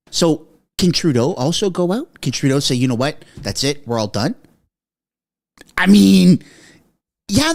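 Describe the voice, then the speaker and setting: A man reacting live to breaking news from his basement, excitable and out of breath, yelling one moment and muttering the next. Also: high-pitched. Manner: excitable, shouting, swinging from frantic to muttering. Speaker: political commentary streamer. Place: home basement.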